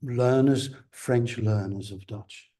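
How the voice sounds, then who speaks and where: A man giving an academic seminar lecture, talking in a measured, halting way with many fillers and restarts. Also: mid-range voice, mellow.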